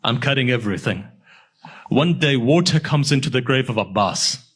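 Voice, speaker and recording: A man's voice: mid-range voice, expressive, normal speed, a bit bright, slightly rough. A male preacher telling a mournful story in a sermon, swelling into emotional recitation.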